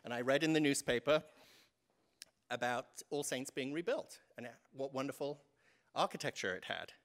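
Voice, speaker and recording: A man's voice: mid-range voice, lively intonation, moderate pace, a bit bright. A man in his fifties with an English accent, giving a humorous stewardship talk to a church congregation as a vestry member, self-deprecating and chatty. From England.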